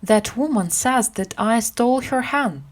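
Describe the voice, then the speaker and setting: A woman voicing a proud young boy king in a storybook, slow and insistent. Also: fairly high pitch, expressive, voice pushed up.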